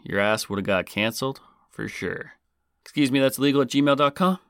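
A man's voice: mid-range voice, moderate pace, fairly bright tone, smooth, no room sound. A man hosting a podcast, talking casually with dry jokes. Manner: joking, dry. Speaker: podcast host.

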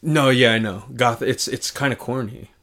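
A man's voice: mid-range voice, steady tone, moderate pace, a bit bright. Young man rambling in casual banter. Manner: rambling, swears a lot, restarts often. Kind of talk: casual chat.

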